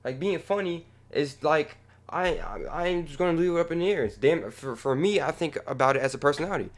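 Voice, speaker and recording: A young man running a music channel, talking casually in a rambling, profane way that moves from low mumbling to heated ranting. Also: animated, fairly quick. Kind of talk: casual reaction vlog.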